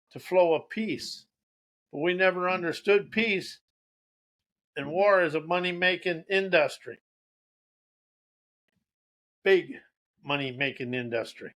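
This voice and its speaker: A man's voice: high-pitched, a bit bright. A man giving a rambling spiritual monologue, preaching as he goes, repeating key phrases and restarting his sentences. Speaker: motivational speaker.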